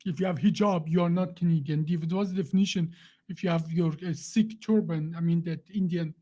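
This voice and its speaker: A man hosting a relaxed live talk. He speaks haltingly, full of fillers, restarts and slightly non-native grammar. He jokes and laughs easily with his guest. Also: a little high. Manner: jokey, laughs often. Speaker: host. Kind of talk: casual live-stream conversation.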